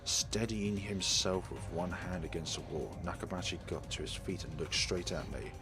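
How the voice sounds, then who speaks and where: Deep-voiced man narrating a visual novel. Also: moderate pace. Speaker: let's play host. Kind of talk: reading a visual novel aloud. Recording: game music underneath.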